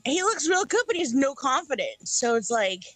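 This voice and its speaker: A woman's voice: high voice, sing-song, moderate pace, a bit bright, dry recording, low-quality recording. A young woman chatting casually on a panel show, playful and joking, swearing freely. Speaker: panel co-host. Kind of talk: casual chat.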